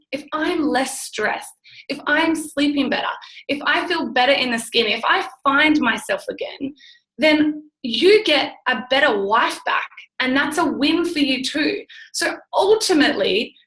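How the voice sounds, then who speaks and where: A young woman guest chatting excitedly on a live stream, full of gushing enthusiasm and quick restarts. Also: high-pitched, rough recording. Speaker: guest, network marketing business builder.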